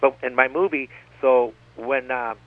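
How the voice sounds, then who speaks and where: A man's voice: medium pitch, steady tone, a little slow. A man speaking as a radio guest, rambling and digressive, often circling back with "like I said.". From United States. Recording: tinny phone-line radio broadcast.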